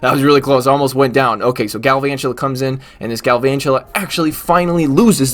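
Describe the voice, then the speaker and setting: A man narrating his own battles in casual commentary, teasing and trash-talking the enemy's creatures as he plays. His voice sits at an ordinary middle pitch, with quiet background music running underneath. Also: quick pace, few pauses. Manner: joking, mock trash talk at the game. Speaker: gaming YouTuber. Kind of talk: casual live gameplay commentary.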